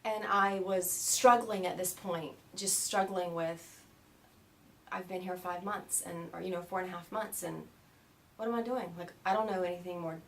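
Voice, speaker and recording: An American woman telling stories in a casual interview, animated and laughing often as she mimics the people she met. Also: fairly low pitch, normal speed, far from the mic, slight background noise. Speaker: interview guest.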